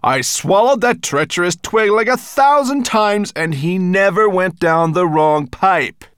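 A man's voice: high-pitched, expressive, measured pace, fairly bright tone, clear, resonant tone, no echo, clean studio sound, pitched above the performer's own voice. A man playing a bellowing furious dragon. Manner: bellowing, threatening. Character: huge furious golden male dragon. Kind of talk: audiobook character voice.

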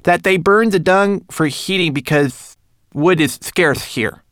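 A man's voice: high voice, measured pace, a bit bright, dry recording, clean studio sound, pitched above the performer's own voice. A man voicing a tiny, polite and anxious homunculus servant in a storybook reading. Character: tiny fussy servile homunculus.

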